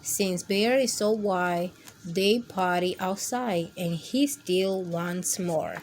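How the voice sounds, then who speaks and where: Woman reading kids' stories, slow pace, gentle expressive storytime voice, faint background noise. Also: on the low side. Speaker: children's story reader. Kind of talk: read-aloud storytime for kids.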